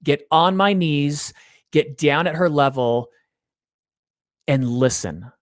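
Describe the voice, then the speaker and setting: A man's voice: fairly high pitch, slow pace, dry recording, studio quality. A middle-aged man talking about his parenting experiences in an interview, acting out the people he quotes. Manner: animated storyteller, acts out quotes. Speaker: guest. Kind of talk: conversational interview.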